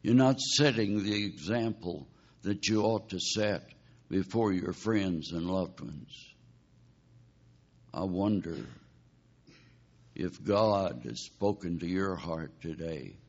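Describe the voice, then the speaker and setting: A man's voice: low-pitched, slow, pauses often. A man preaching a sermon, telling a dramatic story and pleading with his listeners. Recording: dull lo-fi recording.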